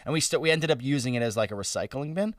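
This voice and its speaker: A man's voice: medium pitch, racing, no echo, studio quality, recorded from a distance. A young man in his twenties, a podcast co-host, telling stories with lots of swearing in casual chat. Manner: animated storytelling, swears a lot.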